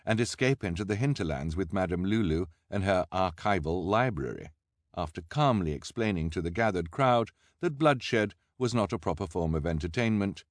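A man narrating an audiobook with a wry, measured storytelling manner. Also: low-pitched, no echo, clean studio sound. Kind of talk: scripted narration.

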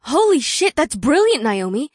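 A woman voicing a sharp, practical bespectacled female researcher who explains things quickly. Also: high voice, very animated, dry recording, studio quality. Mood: excited.

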